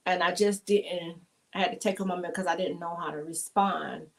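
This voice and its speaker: A woman's voice: on the low side, steady tone, normal speed, vocal fry. A middle-aged woman hosting an emotional panel talk, speaking in an earnest, heartfelt, rambling way over a video call. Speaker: talk show host.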